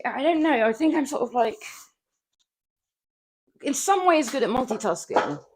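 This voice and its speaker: A woman livestreaming from her flat, chatting playfully with viewers and laughing often while she works out, a little out of breath. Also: medium pitch, noisy background. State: out of breath from exercise. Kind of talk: casual livestream chat while working out. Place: home flat.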